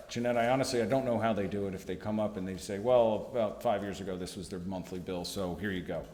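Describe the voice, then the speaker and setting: A man explaining utility plans at a town meeting in an earnest, halting way. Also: on the low side. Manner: earnest, halting with fillers and restarts. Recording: echoey hall with long reverb.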